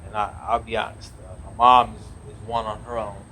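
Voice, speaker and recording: Earnest man with a lowish voice. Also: flat delivery, fairly quick, pushed and bright, slight background noise. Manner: earnest, rambling with many restarts and fillers. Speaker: podcast guest, naval officer. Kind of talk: casual conversational interview.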